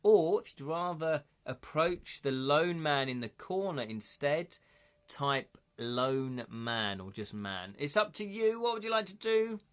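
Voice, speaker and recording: A man's voice: on the high side, animated, a little slow, fairly bright tone, clean tone. A British man hosting a live interactive gamebook stream, narrating and calling for chat votes in a playful, jokey way. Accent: British English.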